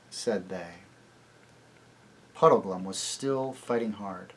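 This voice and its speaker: Priest reading a storybook aloud, very slow, measured, mid-pitched. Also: male voice, expressive, gravelly, husky. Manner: slow, deliberate.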